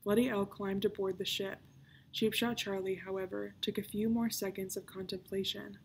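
A woman, a children's librarian, reading a novel aloud in a calm, even storytelling voice. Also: medium pitch, normal speed, vocal fry, a little hiss or hum.

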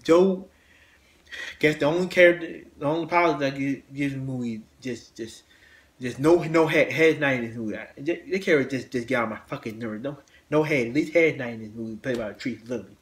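A man hosting his own channel, ranting casually about films in a halting way, with lots of restarts, repeated words and blunt swearing. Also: mid-range voice, a bit bright. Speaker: host. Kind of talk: casual movie rant.

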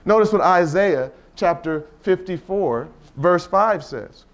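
A man's voice: sits high, expressive, measured pace, hardly any pauses. A man leading a Bible study at a retreat, preaching informally with rhetorical questions and playful asides.

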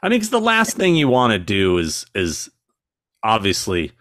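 A man's voice: fairly low pitch, huge pitch swings, moderate pace, fairly bright tone, no echo. A man with a dry, sarcastic sense of humor, telling stories as a guest in a casual podcast interview.

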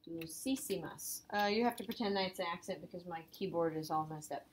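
A woman's voice: lowish voice, fast, background noise. A woman teaching a Spanish lesson, explaining grammar step by step and mixing English with Spanish words. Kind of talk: online class lesson.

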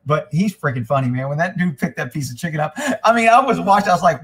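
A man hosting a casual live stream, rambling and swearing freely, getting animated when he retells a story. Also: a little high, a little fast, few pauses, breathy edge. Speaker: livestream host. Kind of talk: casual livestream chat.

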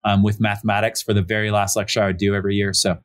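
A man's voice: fairly low pitch, flat delivery, very fast. A man in his thirties, a pastor and podcast guest, telling a personal story in a casual, conversational way with many fillers, raising his voice when he acts out the people he quotes. He joins the conversation remotely. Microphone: remote call setup.

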